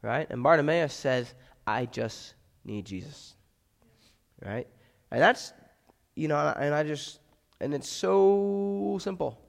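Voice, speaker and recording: Male pastor, slightly high gravelly voice, casual sermon style, echoing hall reverb. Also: takes it slowly. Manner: conversational, often asks "right?". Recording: echoey hall with long reverb.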